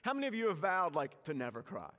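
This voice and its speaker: A pastor giving a sermon in a church, telling stories with self-mocking humor, shifting from loud to hushed. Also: male voice, fairly high pitch, huge pitch swings, fast, in a large hall. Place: church sanctuary.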